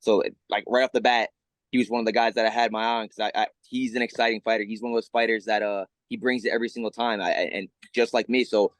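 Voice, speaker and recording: A man in his thirties, a fighter on a media call, talks quickly in a low voice. He repeats words as he gets fired up and swears often. The sound is dry and close. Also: no room sound. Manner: excited, profane, repeats words. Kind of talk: casual press call talk.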